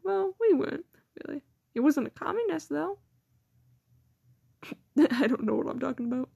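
Giggly high-voiced teen girl rambling. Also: lively intonation, measured pace, vocal fry, long pauses, dark tone. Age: teens. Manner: rambling, giggly, quotes people in mocking voices. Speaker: student vlogger. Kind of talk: casual chat.

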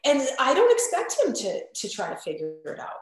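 A woman coach talks on a podcast in a blunt, animated way, playing out little quoted voices as she tells a story. Her voice rings with a strong echo from the room. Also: high-pitched, fairly quick. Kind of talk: casual podcast chat.

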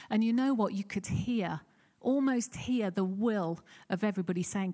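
A woman's voice: on the high side, moderate pace, mellow. A woman preaching a sermon in an earnest, conversational way, acting out the pleas she quotes.

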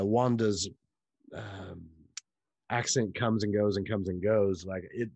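A podcast co-host with a low male voice and a dry, close sound. He trades wry, opinionated fan takes on a TV show in a relaxed, casual chat. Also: no echo.

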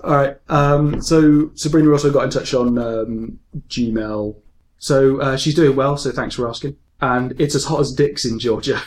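A man's voice: medium pitch, moderate pace, a little mellow. Joking English man hosting a podcast. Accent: mixed English, forces-kid. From England. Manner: laughs often, swears, jokey. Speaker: podcast host. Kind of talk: casual chat, reading listener mail.

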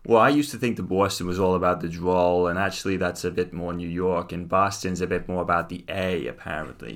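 A man's voice: sits low, a little fast, hardly any pauses, a bit bright. A man co-hosting a casual chat show, narrating a story with wry, mock-dramatic asides. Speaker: podcast co-host.

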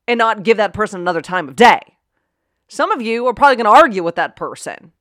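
A woman talking straight to her listeners in a personal motivational monologue. She drops into quiet, reflective murmurs, then jumps into loud, emphatic exclamations. The sound is dry and close, with no room around her. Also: mid-range voice, lively intonation, quick pace, no room sound. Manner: conversational, swings from quiet musing to loud emphatic outbursts. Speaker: podcast host.

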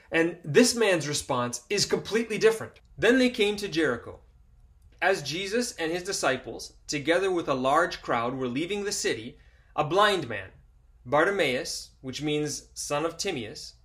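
A man's voice: a little high, fairly bright tone. A man preaching a sermon, reading Bible passages with expression and repeating key phrases earnestly.

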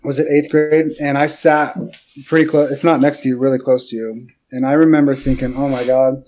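A man appearing as a guest on a podcast, telling stories in a casual, animated way, laughing and acting out his own reactions. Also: fairly high pitch, fairly quick, low-quality recording. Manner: animated storyteller, laughs and does lively quoted reactions. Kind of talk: casual chat.

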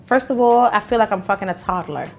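A woman's voice: medium pitch, fast, creaky, darkish tone, faint music behind. A young woman co-hosting a casual chat on camera, telling stories bluntly and with animation. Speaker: podcast co-host. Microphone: on camera, eating while talking.

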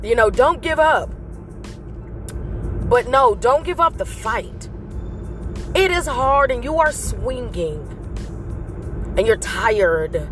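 A woman's voice: a little high, expressive, slow, pauses often, faint music behind. A woman hosting a motivational vlog, giving an earnest, faith-based pep talk that repeats its points to encourage listeners.

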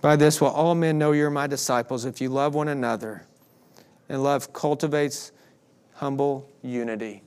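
A man's voice: mid-range voice, fairly even intonation, normal speed, darkish tone, smooth. A man pastor reading scripture aloud with emphasis in a sermon, closing in prayer.

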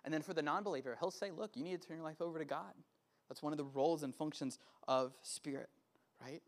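A man's voice: fairly high pitch, fast. A male pastor preaching in a casual way that keeps checking in with "right?", then leading the room in prayer. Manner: grows loud and fervent in prayer. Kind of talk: sermon, then guided prayer.

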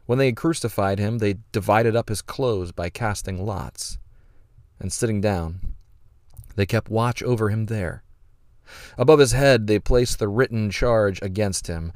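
Low-voiced man reading scripture earnestly. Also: darkish tone, no echo, studio quality. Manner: earnest, measured reading with dramatic emphasis. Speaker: podcast host. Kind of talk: reflective podcast teaching and scripture reading.

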